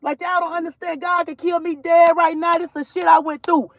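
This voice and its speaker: A woman's voice: very high voice, level tone, fairly quick, slight background noise. Blunt, heated woman ranting. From Georgia, US. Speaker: mother vlogger. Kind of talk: casual ranting vlog. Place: in a car while driving.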